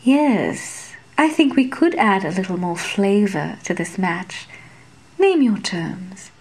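A woman voicing a sly, seductive female fairy with a forked tongue, speaking in a honeyed, mocking, drawn-out way. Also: medium pitch, very animated, breathy edge, full character voice. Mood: mocking sweet.

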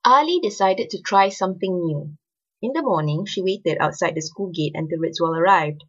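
A woman reads a story aloud with expressive narration. Her voice is low and husky. The recording is dull and lo-fi. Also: normal speed.

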